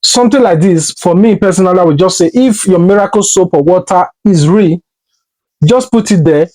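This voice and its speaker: A man's voice: high-pitched, normal speed, a little mellow, rough recording. A man with a Nigerian accent, earnestly explaining his own position to his viewers in casual commentary. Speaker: commentary vlogger.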